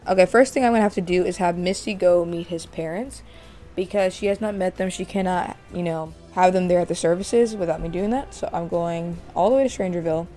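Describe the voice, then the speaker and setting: A woman's voice: fairly low pitch, a little fast, warm tone, soft background music. A woman hosting a casual let's-play, chatting as she narrates her game. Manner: chatty, narrates while playing. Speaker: gaming channel host.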